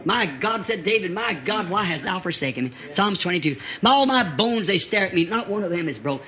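Fervent high-voiced preacher on old tape. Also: male voice, expressive, brisk, muffled recording. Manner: fervent, rising to shouts, chuckling between phrases. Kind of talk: revival sermon.

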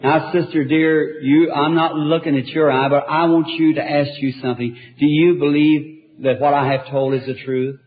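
A man leading a healing service as an evangelist, speaking gently and earnestly to each person before him. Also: fairly high pitch, little pitch movement, normal speed, few pauses. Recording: tinny lo-fi archival recording.

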